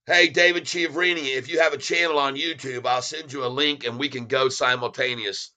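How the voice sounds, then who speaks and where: A man's voice: mid-range voice, steady tone, brisk, few pauses, sharp tone. A man hosting a casual stock livestream, chuckling often as he reads the chat aloud and talks straight to viewers.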